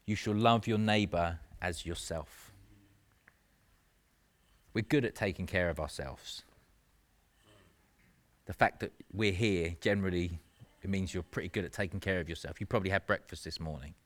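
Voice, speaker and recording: A man's voice: sits low, normal speed, long pauses. A man preaching a sermon in an earnest, conversational way, with self-mocking asides.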